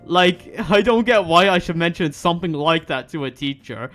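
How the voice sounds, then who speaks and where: Animated Irish young-man vlogger, ranting school stories; high, lively voice over faint music. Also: normal speed. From Ireland. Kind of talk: storytime vlog.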